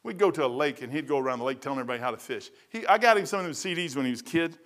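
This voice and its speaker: A middle-aged man preaching a sermon in a folksy, animated storytelling way, calling listeners man and brother. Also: rapid-fire. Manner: folksy storytelling, animated swings in pitch and loudness; casual slang, addresses listeners as man and brother.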